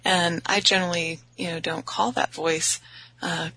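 Bright husky-voiced woman host. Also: on the low side, steady tone, moderate pace, rough recording. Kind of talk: casual interview chat.

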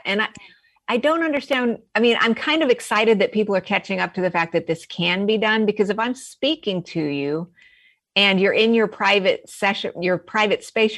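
A woman's voice: medium pitch, fairly bright tone, dry recording, studio quality. A woman appearing as a guest therapist, answering questions in an earnest, explanatory way. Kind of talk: interview answers.

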